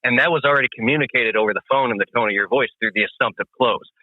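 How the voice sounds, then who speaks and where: A man's voice: mid-range voice, rapid-fire, no echo. A man giving sales advice as a guest over a phone call, talking with confident emphasis. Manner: confident, emphatic, acts out customer talk. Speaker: guest landscaping business coach. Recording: tinny dry phone line.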